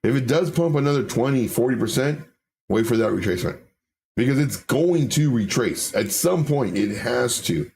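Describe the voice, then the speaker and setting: A man's medium-pitched voice comes across as expressive, creaky, and a little mellow at normal speed, with slight background noise. As host of a laid-back livestream, he chats with viewers, reads comments aloud, analyzes charts, and often repeats his words.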